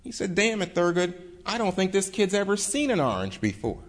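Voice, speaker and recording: A stern older law dean scolding his student in an earnest, lecturing tone, his voice raised a little higher, as a man voices him in a told story. He speaks with steady moral weight and no bluster. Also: brisk.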